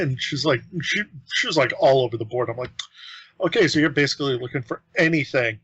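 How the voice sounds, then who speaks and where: A young man spins loose, rambling anecdotes as a podcast co-host, slipping into voices for the people he quotes. His voice sits mid-pitch and sounds dry and close. The sound is a little dull. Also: lively intonation, a little fast, fairly bright tone, breathy edge, dry recording. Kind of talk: casual storytelling chat.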